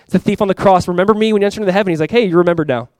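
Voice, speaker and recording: A male pastor delivers a sermon at a quick clip, his voice sitting a little high for a man. He preaches in a conversational, emphatic way, with asides and direct appeals to his listeners. The sound is close and dry, with little room echo. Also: darkish tone, clean tone. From California.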